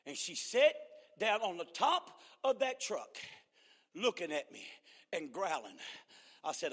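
High-voiced preacher in a church hall. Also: male voice, big pitch swings, a little slow, long pauses, slightly rough. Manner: storytelling with laughs, rising to shouted exhortation. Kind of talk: revival sermon.

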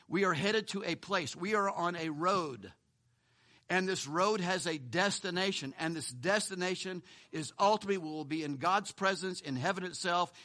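High, bright-voiced man preaching. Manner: preaching with sudden swings between loud and hushed; conversational, with asides and chuckles. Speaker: pastor. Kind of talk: sermon.

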